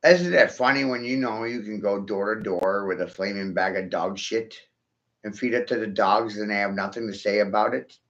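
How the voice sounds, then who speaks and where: A man's voice: fairly low pitch, normal speed, fairly bright tone, highs cut off. A man ranting to his viewers in a profane, sarcastic monologue, taunting them with rhetorical questions. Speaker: vlogger.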